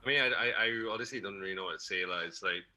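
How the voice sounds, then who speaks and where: A man's voice: deep voice, racing, pushed and bright, rough recording. A man with a Malaysian English accent, a guest drummer chatting in an easygoing, rambling way on a podcast. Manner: easygoing, rambling, ends phrases with a tag particle. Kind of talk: casual podcast chat.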